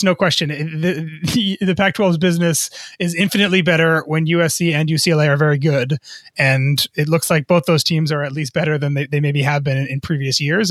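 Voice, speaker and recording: A man co-hosting a podcast, explaining the news in a measured, casual way with some restarts. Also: a little high, fairly bright tone, no echo, studio quality. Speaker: podcast co-host, business journalist.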